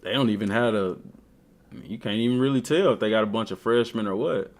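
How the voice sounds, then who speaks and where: A gaming streamer chats casually while browsing a game, animated, slangy, and trash-talking. His voice is fairly low and he talks fast.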